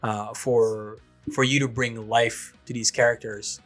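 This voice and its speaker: A man co-hosting a casual podcast, asking questions in a relaxed, thoughtful way. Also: medium pitch, measured pace, faint music behind. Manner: relaxed, thoughtful, uses fillers. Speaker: podcast co-host. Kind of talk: casual chat.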